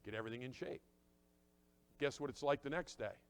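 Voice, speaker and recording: A middle-aged man preaching a sermon, talking conversationally and acting out little dialogues, dropping to quiet asides and rising to loud emphatic points. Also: mid-range voice, fairly quick, clean tone. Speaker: pastor.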